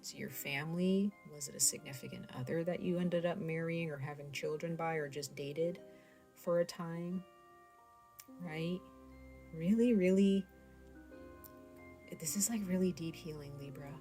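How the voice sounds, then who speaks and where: Woman tarot reader, casual and direct, low voice, faint background music. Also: a little slow, long pauses, warm tone. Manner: chatty, speaks straight to viewers with many fillers. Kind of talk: casual tarot reading to camera.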